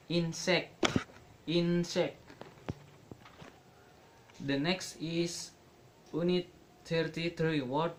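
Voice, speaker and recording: A young man presents a pronunciation lesson at a very unhurried pace, his voice sitting a bit high for a man. He stops and restarts often and says each example word twice. Faint noise hums behind him. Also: low-quality recording. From Indonesia. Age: young adult. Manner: halting, repeats example words slowly. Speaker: student presenter.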